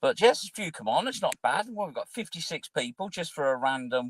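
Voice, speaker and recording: A man hosting a casual livestream from his car, relaxed and encouraging, reading out viewer comments. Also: fairly high pitch, normal speed, no echo. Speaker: livestream host. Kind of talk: casual chat.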